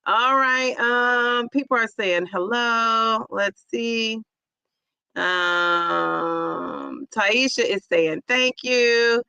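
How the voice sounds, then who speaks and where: A middle-aged woman chats effusively through a casual livestream. She greets viewers by name and reads their comments aloud. Her voice is bright and a touch high, and the sound is close and dry. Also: drawn-out words, gravelly, clean tone, no room sound, lo-fi sound. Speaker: weight-loss vlogger hosting a livestream.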